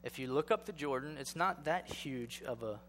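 A man's voice: on the high side, lively intonation, moderate pace, a bit bright, long reverb tail, slight background noise. A male pastor giving a sermon in a conversational style, asking rhetorical questions and building to emphatic exhortation.

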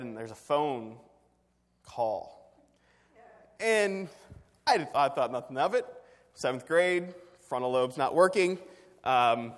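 A man's voice: medium pitch, big-room sound. A man preaching a sermon, telling a personal story in a conversational way with fillers and restarts. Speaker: pastor.

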